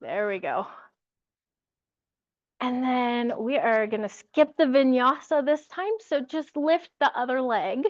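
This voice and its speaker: A woman teaching a yoga class, giving calm, encouraging cues and laughing lightly now and then. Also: high voice, slow pace, no echo, dull audio. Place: yoga studio with music.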